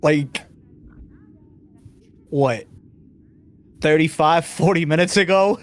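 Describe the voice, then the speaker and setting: Give me a high-voiced man playing a defiant, slangy character in a tabletop game. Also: takes it slowly. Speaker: player. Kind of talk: in-character tabletop role-play.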